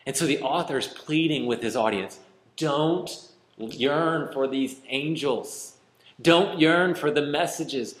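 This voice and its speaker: A male pastor preaching a sermon, pleading and emphatic, swinging from loud, high emphasis to quiet, low asides. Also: takes it slowly, reverberant. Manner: pleading, rising to emphatic then dropping quiet.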